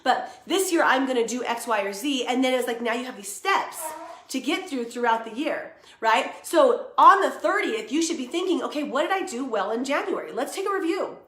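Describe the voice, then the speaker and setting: A woman's voice: high-pitched, expressive, normal speed, a bit bright, echoey room. A young woman hosting a casual motivational live stream, chatty and upbeat, greeting viewers by name. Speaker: live video host and coach.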